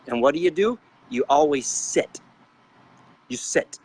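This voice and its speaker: A middle-aged man delivering an impassioned rant on a panel show, his voice sitting slightly high. He preaches with fiery anger and hammers his listeners with rhetorical questions. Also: expressive, moderate pace, a little mellow, slightly rough, rough recording. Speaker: trucker advocate on a panel show.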